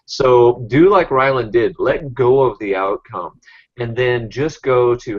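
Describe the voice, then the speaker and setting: A man coaching a real estate team through sales objections, his talk full of "um" and restarts. His voice sits at an ordinary middle pitch. The sound is dull and lo-fi. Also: animated, measured pace. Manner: coaching, many fillers and restarts.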